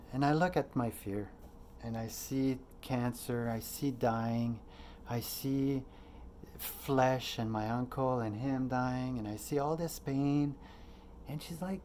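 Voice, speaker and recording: A man's voice: mid-range voice, measured pace, darkish tone, slight background noise. A man in his late thirties telling a personal story as a podcast host, earnest and rambling, with frequent fillers and swearing. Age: late 30s.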